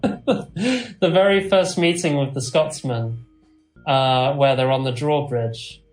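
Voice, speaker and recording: A man chatting as co-host of a casual podcast, trailing off and restarting as he gushes. His voice sits at an average pitch and rings in a roomy space. Faint music plays underneath. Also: takes it slowly, a little mellow. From half Scottish. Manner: rambling, restarts often, laughs easily. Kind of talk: casual chat.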